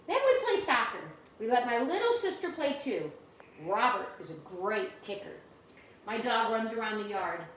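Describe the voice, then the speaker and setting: A woman teacher reads a picture book aloud to her class and explains new words to the children as she goes. Her voice is higher-pitched and very animated, swooping up and down. It sounds heavily echoey, as if it was recorded in a room some distance from the mic. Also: normal speed, a little hiss or hum.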